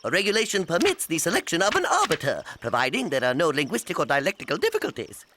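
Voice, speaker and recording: A man's voice: a little high, wildly swooping pitch, quick pace. A man voicing a precise, jargon-heavy robot officer in a cartoon, with music underneath. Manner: technical, precise, wordy.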